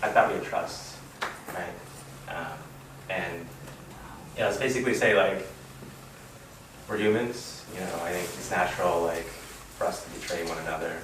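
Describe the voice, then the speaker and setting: A man's voice: sits low, moderate pace, long pauses. A man in his thirties from Reno giving a casual sermon-style talk, rambling with many fillers. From Reno, Nevada, US. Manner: rambling, full of "you know" and "like". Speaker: fellowship speaker. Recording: echoey room, distant mic, background noise.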